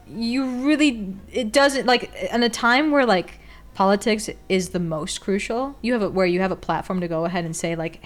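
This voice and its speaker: A young woman streamer chatting casually while drawing, blunt and candid, swearing freely and laughing often. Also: medium pitch.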